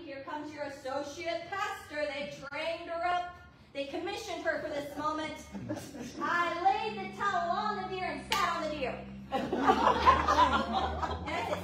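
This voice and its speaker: A high-voiced woman associate pastor tells a sermon story slowly, laughing as she goes. She is heard from a distance in a very echoey hall, with clear noise behind her. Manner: lively, laughing anecdote. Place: church fellowship hall.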